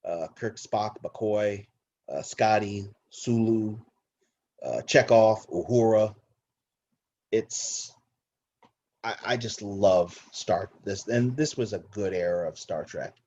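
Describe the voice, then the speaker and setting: A fairly low-voiced man hosts a casual movie podcast, rambling enthusiastically and cursing freely. His voice comes through a dull, lo-fi recording. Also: slow pace, warm tone. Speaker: podcast host.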